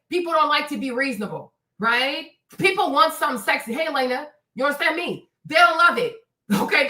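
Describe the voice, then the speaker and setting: High, bright-voiced blunt woman streamer. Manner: blunt, profane, keeps checking in with "right?" and "okay?". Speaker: commentary stream host. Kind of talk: opinionated live-stream commentary. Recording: roomy, distant mic.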